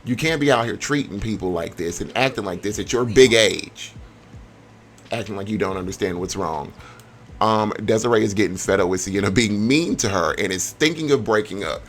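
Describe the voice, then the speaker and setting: A young man giving casual, slangy commentary on a life-sim game, animated and given to sudden high squeals. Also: fairly quick, a little hiss or hum. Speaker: gameplay vlogger.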